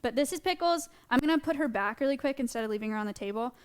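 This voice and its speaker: High-pitched, animated, and smooth, the young woman speaks very fast as she streams from an indoor animal sanctuary room. She chats casually and gushes lovingly about a little bug.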